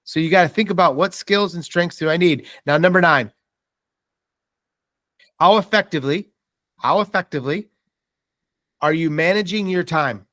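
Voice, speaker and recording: A man's voice: fairly high pitch, brisk, few pauses, no echo, clean studio sound. A man giving a motivational seminar talk as a mortgage sales trainer, telling stories and acting out quoted dialogue. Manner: animated storytelling with quoted dialogue.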